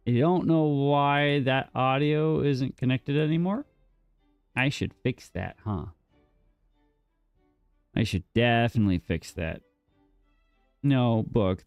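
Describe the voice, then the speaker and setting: While streaming a game, this man banters casually with his chat, teasing them in a mock-defensive way and swearing now and then. His voice is mid-range with a darkish tone, and the recording is dry and muffled.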